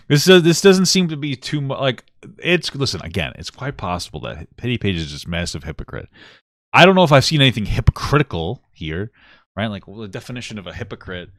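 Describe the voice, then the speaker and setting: Fast-talking, blunt young man streamer. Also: mid-range voice, very animated, fairly bright tone, no room sound, studio quality. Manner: blunt, irritated, swearing, full of "like". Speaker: livestream commentator reacting to a video. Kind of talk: live stream reaction commentary.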